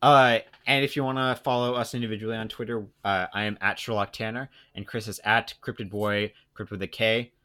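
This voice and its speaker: A man's voice: lowish voice, fairly even intonation, fairly quick, hardly any pauses, pushed and bright, clear, resonant tone. A young man co-hosting a podcast in casual chat, rambling and joking with lots of fillers. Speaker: podcast co-host.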